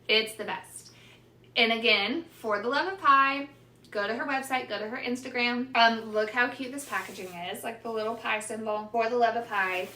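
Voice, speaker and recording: A woman's voice: a little high, normal speed. Gushing woman teacher vlogging. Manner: gushing, excitable, chatty. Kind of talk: casual unboxing vlog. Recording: echoey room with faint ambient noise.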